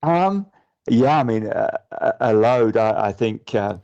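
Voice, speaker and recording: A man's voice: medium pitch, lively intonation, slow pace, creaky, a little mellow. A middle-aged man from the UK, a guest sailor on a casual podcast, speaking thoughtfully with frequent restarts and fillers. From United Kingdom. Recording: muffled lo-fi audio.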